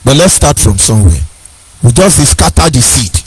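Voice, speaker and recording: A man's voice: medium pitch, very animated, moderate pace, a little mellow, husky, rough recording. A Nigerian man giving an impassioned speech, stressing his points by repeating questions and phrases. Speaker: speaker.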